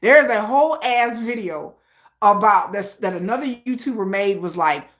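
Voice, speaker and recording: A woman hosting a casual livestream from home, telling a story in animated, slangy talk and acting out the voices of other people. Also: medium pitch, normal speed. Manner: animated, slangy, acts out quoted voices with laughs. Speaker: livestream host.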